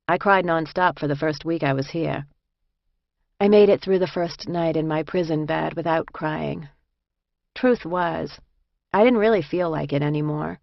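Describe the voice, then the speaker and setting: A woman reading a first-person memoir aloud in a measured, reflective way. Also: sits low, creaky, no room sound. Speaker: audiobook narrator. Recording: dull lo-fi dry recording.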